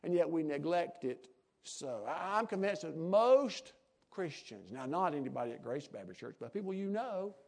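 Preacher man, high voice, folksy sermon, goes quiet then loud. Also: very animated, normal speed, gravelly. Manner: folksy, swinging between soft asides and loud emphatic peaks. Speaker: pastor.

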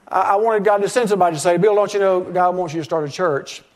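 A man's voice: sits high, fairly even intonation, fast. A middle-aged man pastoring a church, preaching a sermon in an earnest storytelling way, often acting out what others said to him. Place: church sanctuary.

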